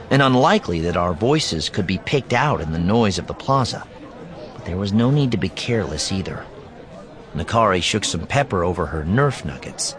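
Low-voiced man narrating a story. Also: fairly bright tone. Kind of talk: first-person story narration.

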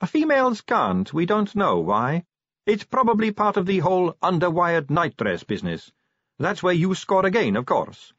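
A man's voice: high-pitched, wildly swooping pitch, moderate pace, a bit bright, no room sound, voice pushed up, full character voice. A man voicing a cheeky, teasing young female vampire constable in a chatty, breezy manner. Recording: dull lo-fi recording.

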